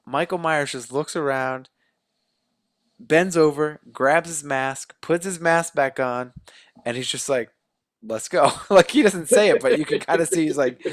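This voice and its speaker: A man co-hosting a podcast, excitedly retelling a film plot and acting out the characters' lines in a casual chat. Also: fairly high pitch, no room sound, studio quality. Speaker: podcast co-host. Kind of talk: casual movie recap.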